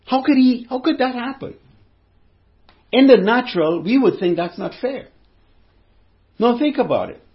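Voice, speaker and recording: A man preaches a sermon in a high, conversational voice, often repeating himself and addressing his listeners directly. The recording sounds dull and lo-fi. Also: lively intonation, moderate pace, pauses often.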